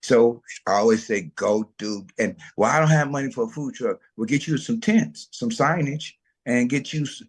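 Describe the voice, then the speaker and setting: This middle-aged guest has a slightly rough voice of medium pitch and speaks at a moderate pace. In a casual interview about his food truck business, he tells the story with slang and energy, mimicking the people he quotes.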